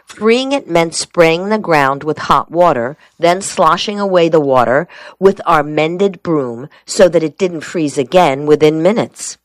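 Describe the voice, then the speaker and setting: A woman's voice: deep voice, lively intonation, unhurried, no room sound. A woman narrating a first-person memoir audiobook, telling it in a wry, dry storytelling manner.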